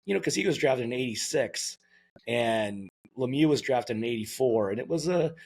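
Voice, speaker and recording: Teasing man with a husky voice. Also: medium pitch, animated, normal speed, darkish tone. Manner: joking, teasing, rambling. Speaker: podcast host. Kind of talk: casual podcast chat.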